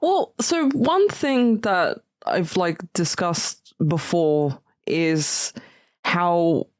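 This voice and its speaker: A woman's voice: fairly low pitch, animated, very slow, dry recording, studio quality. A woman co-hosting a podcast in casual chat, hesitant and laughing, with many restarts. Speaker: podcast co-host.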